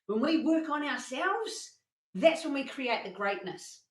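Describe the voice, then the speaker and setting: A woman with a fairly high voice presents a motivational masterclass. She tells her stories with plenty of energy and acts out what people said. The room around her has a noticeable echo. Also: unhurried. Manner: animated storytelling with acted-out quotes. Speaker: workshop presenter.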